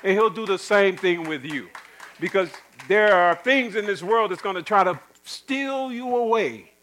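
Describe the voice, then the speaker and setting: A man's voice: high-pitched, unhurried, a bit bright, slight background noise, rough recording. A middle-aged man preaching a sermon in an emphatic, repetitive way, with folksy asides.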